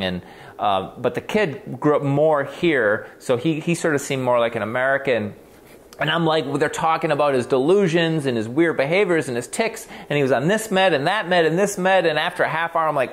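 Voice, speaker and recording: Animated, swearing male clinician. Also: medium pitch. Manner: animated, swears freely, frequent restarts. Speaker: clinician on a talk show. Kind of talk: casual conversational storytelling.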